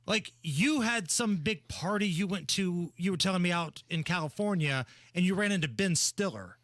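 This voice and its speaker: Bright, high-voiced male radio host. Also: animated, no room sound, clean studio sound. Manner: joking, quick ribbing banter. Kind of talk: casual radio chat. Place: radio studio.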